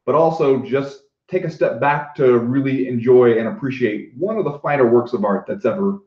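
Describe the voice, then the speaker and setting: A man's voice: medium pitch, normal speed. Man, podcast co-host, wry and eager, dull echoey sound. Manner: enthusiastic, wry self-deprecating asides. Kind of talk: casual podcast chat.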